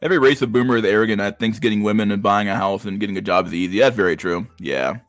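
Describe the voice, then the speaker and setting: A man's voice: lowish voice, very fast, no echo, soft background music. A man streaming and reacting to chat messages in a blunt, profane way, often stumbling and repeating words. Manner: profane, blunt, restarts a lot. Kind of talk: casual livestream chat.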